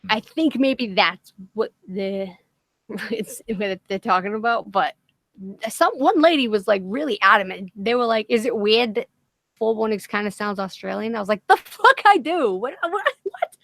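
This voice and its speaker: A young woman with a slightly boyish, nasal voice, co-hosting a livestream in casual chat, animated, self-mocking and swearing freely. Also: mid-range voice, moderate pace, vocal fry, no echo. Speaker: livestream co-host.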